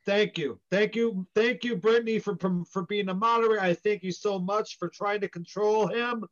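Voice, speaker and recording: A man doing a rattled vice-presidential hopeful in a comedy skit, stumbling over his words whenever he gets heckled. His voice sits high, and the recording sounds dull and lo-fi. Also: fairly even intonation, moderate pace, fairly bright tone. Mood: flustered. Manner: stammering, easily rattled. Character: flustered male vice president candidate. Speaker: podcast co-host.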